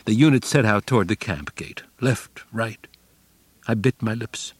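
A man narrating a memoir audiobook in a grave, measured, subdued way. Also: on the low side, lively intonation, husky, no room sound. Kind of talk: scripted narration.

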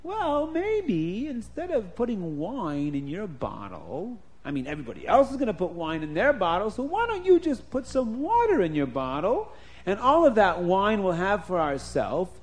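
A sly, penny-pinching villager, as a male storyteller puts him on, wheedling and conspiratorial. He talks himself into the cheat in a quick, rising voice. The tone is fairly high for a man. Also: huge pitch swings. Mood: scheming. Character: sly stingy townsman scheming to cheat.

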